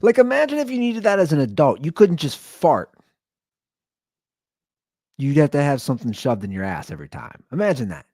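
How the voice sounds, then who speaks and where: A man's voice: a little high, sing-song, a little fast, pauses often, warm tone, dry recording, studio quality. A tired man hosting a podcast, talking in a blunt, rambling casual monologue full of restarts. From Cincinnati area. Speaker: podcast host.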